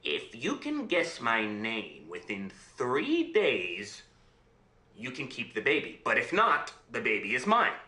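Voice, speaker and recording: A man voicing a sly little male imp who bargains for a baby, speaking low and hushed. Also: huge pitch swings, takes it slowly, heavily acted. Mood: bargaining. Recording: roomy room sound.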